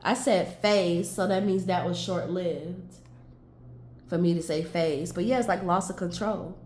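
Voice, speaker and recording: A woman's voice: on the low side, fairly even intonation, unhurried, a little mellow, echoey room, a little hiss or hum. A woman doing a casual tarot reading, musing aloud and talking to her viewers as she turns cards. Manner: musing, talks to herself and viewers, stretches words. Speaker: tarot reader.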